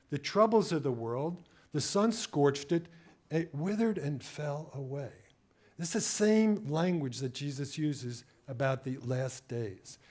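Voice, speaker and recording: Guest preacher, middle-aged man, slightly high voice, animated storyteller who acts out the voices he quotes. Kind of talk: sermon.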